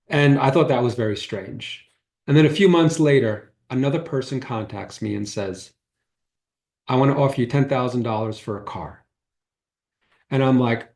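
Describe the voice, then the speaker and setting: A man's voice: medium pitch, moderate pace, vocal fry, darkish tone. A man, a holistic healer, giving a talk and telling an earnest, reflective story about his own past. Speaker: holistic healer teaching a workshop. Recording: roomy echo.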